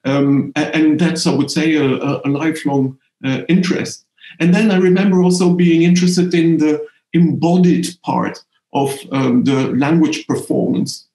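A middle-aged man with a French accent, thoughtfully answering interview questions with frequent pauses and restarts. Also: a little high, fairly even intonation, dark tone. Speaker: interviewee, language professor. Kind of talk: conversational interview. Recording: roomy echo.

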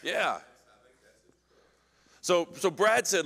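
A man teaching an adult Bible class, animated as he acts out scripture scenes and puts questions to the class. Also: on the high side, normal speed, in a large hall.

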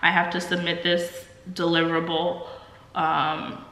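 A woman's voice: lowish voice, completely flat delivery, a little slow, bright, forceful tone, roomy sound, big-room sound, low-quality recording. A young woman in her twenties, stuffy and under the weather, chatting casually in a vlog with many ums and likes. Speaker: vlogger.

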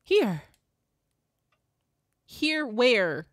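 A woman's voice: a little high, very animated, extremely slow, no echo, clean studio sound, heavily acted. A woman reading the lines of a startled, skeptical teenage girl. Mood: puzzled. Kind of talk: reading game dialogue aloud.

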